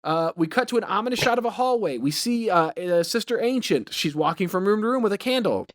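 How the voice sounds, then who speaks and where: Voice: mid-range voice, lively intonation, a little fast, no room sound, studio quality. A podcast co-host recapping a movie scene by scene in a profane, rambling, exasperated way. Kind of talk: casual chat.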